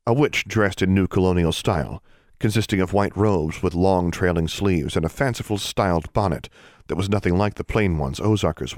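A man narrating a fantasy novel as an audiobook in a steady, measured way. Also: sits low, dry recording, studio quality. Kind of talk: scripted narration.

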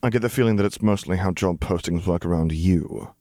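A man's voice: low-pitched, brisk, dark tone, no echo, clean studio sound. A man voicing a panicky, dramatic young man. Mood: subdued. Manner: frantic, exasperated and swearing.

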